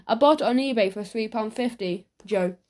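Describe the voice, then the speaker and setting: A woman's voice: fairly high pitch, normal speed, a little mellow, close to an everyday voice. A woman reading an audiobook, voicing a kind, chatty, scatterbrained middle-aged male shopkeeper. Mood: kindly. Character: kindly cheerful male newsagent, middle-aged.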